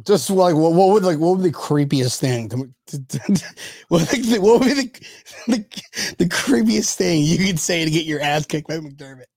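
Excitable young man joking on a podcast. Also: on the high side, normal speed, no room sound, studio quality. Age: young adult. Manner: excitable, laughs often, joking. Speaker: podcast co-host. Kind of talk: casual chat.

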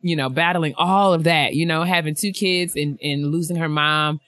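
A young woman co-hosting a casual chat show, reading listener emails aloud with lively asides and frequent laughter. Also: sits low, moderate pace, no room sound, studio quality. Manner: animated, laughs often, rambling asides. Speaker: podcast co-host.

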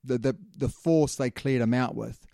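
Fast-talking New man, mellow and dry. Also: medium pitch, vocal fry, no echo. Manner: fast, talkative, laughs often. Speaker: podcast co-host. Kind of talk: casual sports chat.

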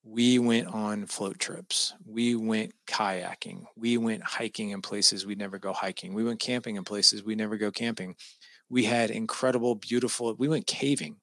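Low, gravelly male guest, bright and emphatic, moved as he tells a family story; dry close sound. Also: steady tone, moderate pace, no echo. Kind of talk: personal storytelling.

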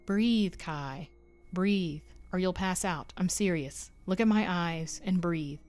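A woman voicing a scared but firm young aunt who keeps urging calm in an audio story. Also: lowish voice, takes it slowly.

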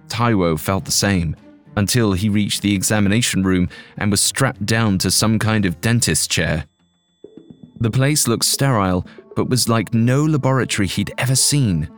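A man reads a scripted audio drama with measured, dramatic storytelling. His voice is fairly low, and faint music plays behind him. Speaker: narrator.

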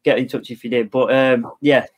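Guy co-hosting a footy podcast, talks really fast, relaxed, opinionated. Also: medium pitch. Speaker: podcast co-host. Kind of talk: casual football podcast chat.

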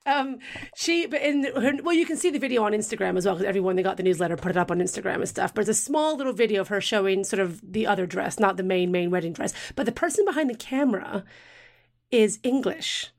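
A woman with an Australian accent co-hosting a podcast, chatting casually with quick asides. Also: medium pitch, lively intonation, creaky. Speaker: podcast co-host. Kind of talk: casual chat.

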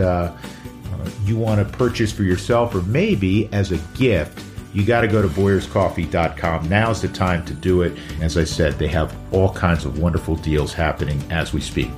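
A man hosting his own podcast, reading ads and chatting in an energetic, emphatic way that repeats key phrases. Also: low voice, echoey room. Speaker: podcast host. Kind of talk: casual chat and live ad reads.

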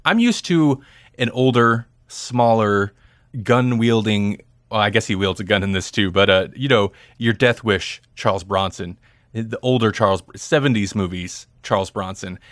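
A man's voice: on the low side, unhurried, a bit bright, no echo, clean studio sound. A man hosting a podcast, chatting casually about movies in a rambling way and laughing easily. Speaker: podcast host. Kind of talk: casual movie-discussion chat.

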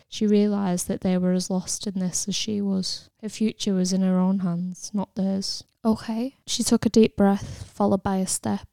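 A woman narrating an audiobook in a steady, even storytelling manner, recorded close in a studio. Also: medium pitch, dry recording. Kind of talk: scripted narration.

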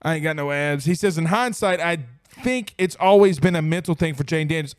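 A man's voice: on the high side, fairly quick, clear, resonant tone, dry recording, clean studio sound. A tipsy young man hosting a sports livestream, reading viewer comments in a rowdy, profane, laughing way. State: tipsy from whiskey. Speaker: sports show host.

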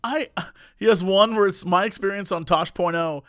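A man hosting a podcast in casual chat, animated and joking, quick to laugh. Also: high voice, no room sound, studio quality. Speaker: podcast host.

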